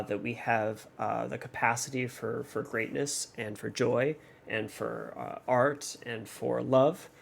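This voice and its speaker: A man's voice: mid-range voice, gravelly. A man hosting a music reaction channel, analyzing a song in a thoughtful, hesitant way with many fillers and restarts.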